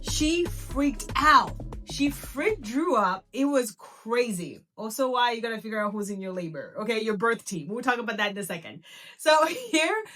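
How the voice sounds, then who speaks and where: A woman podcast host in her thirties, with a voice pitched a little high. She tells her story in a relaxed, chatty way. She often slips into animated quoted dialogue. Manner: animated, laughing, acts out quoted talk. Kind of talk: casual storytelling.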